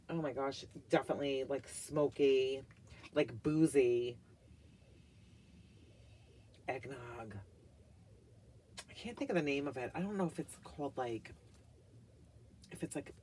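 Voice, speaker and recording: Her voice sits low with a darkish tone, over a little hiss or hum. A middle-aged woman reviews wax melts in a casual haul vlog, gushing, full of filler words, and sometimes dropping to a whisper.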